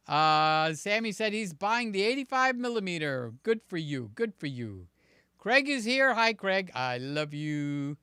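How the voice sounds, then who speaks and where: A man hosting a live stream, chatting casually and warmly greeting his viewers by name. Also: high-pitched, big pitch swings, unhurried, smooth, no room sound, clean studio sound. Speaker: livestream host.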